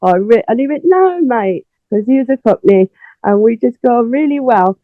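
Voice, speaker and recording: A woman's voice: fairly high pitch, brisk, dry recording. A middle-aged woman, telling stories as an interview guest and acting out the dialogue, with plenty of fillers. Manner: animated storyteller, acts out dialogue, many fillers. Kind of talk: casual interview storytelling. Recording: tinny phone line, dry.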